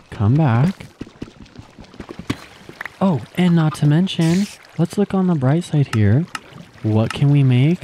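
A young man commentating his own video game play, excitable, gasping and squealing at the animals he finds. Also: mid-range voice, noisy background. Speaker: gaming channel host. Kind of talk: gameplay commentary.

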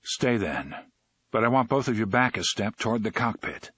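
A man's voice: lowish voice, animated, normal speed, a bit bright, husky, no room sound. A man voicing a tense, commanding male airline captain who talks in a curt, clipped way.

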